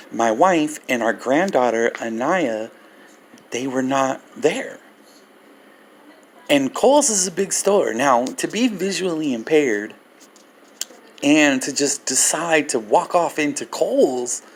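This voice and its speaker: Older male vlogger, gravelly grain, warm animated storyteller. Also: fairly high pitch, a little hiss or hum. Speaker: Christian ministry vlogger. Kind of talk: personal storytelling testimony.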